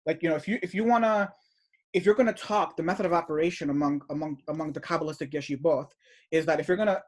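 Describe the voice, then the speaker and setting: A man's voice: fairly high pitch, husky. A man reads out chat messages and comments on them in an indignant, repetitive way. He leans on "you know" and "right?" as he goes. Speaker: teacher of an esoteric study group.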